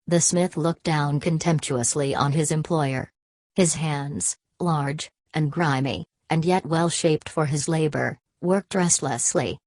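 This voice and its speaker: A woman narrating a classic novel as an audiobook in a steady, measured way. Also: low-pitched, dry recording. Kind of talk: novel reading.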